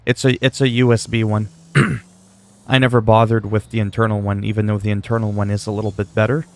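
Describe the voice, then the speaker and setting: A man's voice: lowish voice, little pitch movement, fairly quick. A man chatting casually while livestreaming a game, answering chat questions in a laid-back, swearing way.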